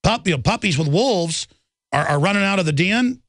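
A man's voice: high voice, animated, normal speed, a bit bright, no echo. A middle-aged man hosting a radio talk show, delivering an indignant, rambling monologue full of repeated words and restarts.

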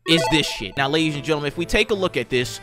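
A man's voice: a little high, lively intonation, fast talker, pushed and bright, soft background music. A young man hosting a comedic meme countdown, ranting with exaggerated, profane outrage.

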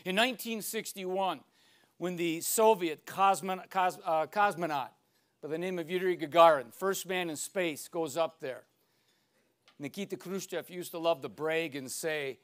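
Older man, high voice, emphatic lecture delivery with dramatic pauses. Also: a bit bright. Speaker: speaker.

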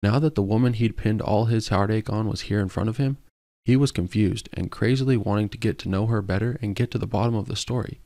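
A man narrating a romance novel as an audiobook in a steady, even storytelling manner. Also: fairly low pitch, fast, dry recording, clean studio sound. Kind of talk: scripted narration.

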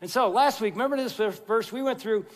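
A man preaching a sermon as pastor, telling stories in an animated, jokey way and then turning quiet and earnest. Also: high-pitched, a little fast. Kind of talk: sermon with storytelling. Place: large church sanctuary. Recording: long reverb of a large church hall.

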